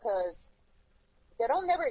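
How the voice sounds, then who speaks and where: A high-voiced woman hosts a casual chat, blunt and animated, often repeating herself and cursing. Her voice is bright, and it sounds dry and close to the mic. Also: unhurried, dry recording, muffled recording. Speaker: host.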